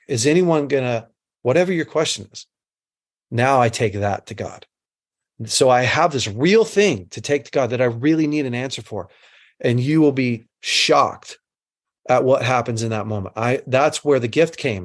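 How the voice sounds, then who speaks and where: A man's voice: medium pitch, moderate pace. A middle-aged man giving an earnest teaching talk to a group, mixing instruction with a personal story and repeating phrases for emphasis.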